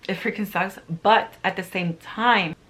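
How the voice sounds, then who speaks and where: A woman's voice: medium pitch, unhurried, fairly bright tone. A middle-aged woman vlogger talking casually and earnestly to her viewers, driving points home by repeating them. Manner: earnest, emphatic, repeats phrases for emphasis. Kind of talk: casual motivational talk to camera.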